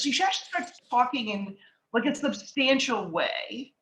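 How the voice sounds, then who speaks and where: A woman's voice: fairly high pitch, animated, moderate pace, a bit bright, echoey room, a little hiss or hum, low-quality recording. A woman speaking as an author and investor guest, telling anecdotes in a casual, chatty way, acting out dialogue and using many filler words. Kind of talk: casual storytelling talk.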